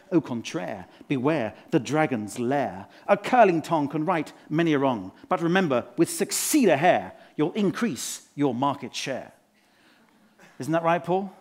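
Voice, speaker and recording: A man playing a pompous, self-adoring management guru in a live stage comedy act, spouting rhymes and quizzing the audience from a conference stage. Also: fairly high pitch. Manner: showy rhyming wordplay, quizzes the audience. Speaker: motivational speaker character.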